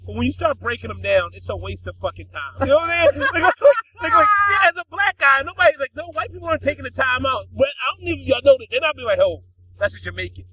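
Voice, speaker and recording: Fast ranting male co-host, very high voice, off-mic. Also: expressive, far from the mic, low-quality recording. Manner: loud, fast, profane ranting. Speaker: podcast co-host. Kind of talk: casual chat.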